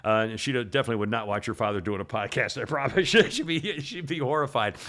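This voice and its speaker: A man's voice: mid-range voice, fast talker, fairly bright tone. An older man hosting a podcast, telling long rambling stories in casual chat and laughing often. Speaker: podcast host.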